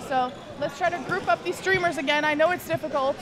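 A woman doing quick, playful sideline interviews at a live event, a little flustered. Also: sits high, music in the background. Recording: loud crowd noise at live event.

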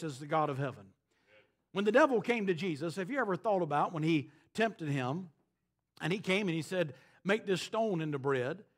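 Man, pastor, sermon, high voice, emphatic, dramatic pauses. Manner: emphatic, preaching with dramatic pauses and quoted scripture.

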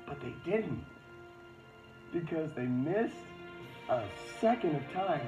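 A man's voice: fairly high pitch, lively intonation, takes it slowly, long pauses, warm tone. Drunk man rambling through a story. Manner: rambling and profane. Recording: roomy, dull playback with music.

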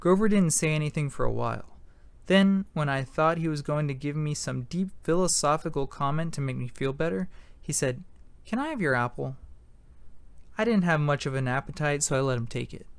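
A man's voice: fairly high pitch, brisk, gravelly, clear, resonant tone, no room sound. A man reading a novel aloud in first person, narrating an amateur audiobook in a plain, matter-of-fact way.

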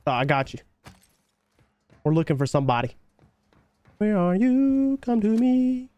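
A man's voice: high voice, very animated, measured pace, no room sound, dull audio. A man live-streaming a shooter game, chatting with teammates and viewers in a hyped, slangy way, calling everyone baby and bro. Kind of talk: casual gameplay chat with teammates and viewers.

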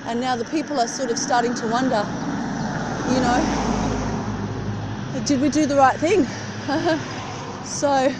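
A woman's voice: high-pitched, fairly even intonation, unhurried, long pauses. A middle-aged woman chatting casually while she walks outdoors in the cold, rambling from one thought to the next as she films on her phone. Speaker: vlogger. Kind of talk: casual chat. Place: outdoors on a street at early morning. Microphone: phone camera held while walking. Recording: street traffic noise behind.

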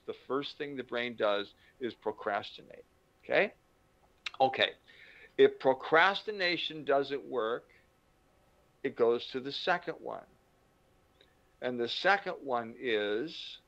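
An older man, a motivational speaker, explains ideas through animated anecdotes and acts out the people he quotes, in a dull lo-fi recording. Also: medium pitch, takes it slowly, pauses often. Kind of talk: conversational teaching with anecdotes.

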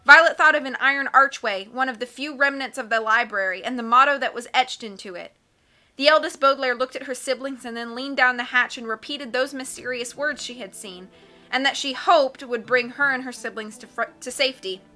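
A woman narrating a novel aloud with an expressive, storytelling delivery. Her voice sits high and sounds very bright, with soft music under the reading. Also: brisk. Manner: expressive, lifts her voice for dialogue. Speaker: audiobook reader.

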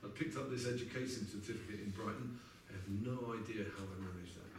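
On stage at a live music venue, a man in his sixties tells wry, chatty anecdotes between songs, laughing at his own stories in a lowish voice at a fast clip. The echoey room is captured from a distant mic with slight background noise and guitar in the mix.

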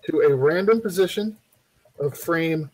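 Darkish in tone yet fairly high for a man, this game development instructor's voice comes through a rough recording of a loose live tutorial. He chats and rambles, restarts often, says um a lot and jokes with viewers while working.

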